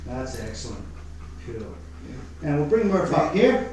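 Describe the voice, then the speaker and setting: An Australian man training dogs in a studio, his voice a touch higher than most men's. He explains things step by step and gives the dogs calm commands. The room is very echoey and he stands well back from the mic. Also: measured pace, recorded from a distance, slight background noise. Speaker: dog trainer. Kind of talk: explaining while demonstrating.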